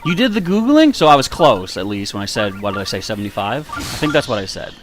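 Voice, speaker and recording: A man's voice: medium pitch, very animated, fast talker, faint music behind. A man streaming a video game live, chatting casually with viewers in a self-mocking way, with a slightly nasal voice. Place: warm room indoors.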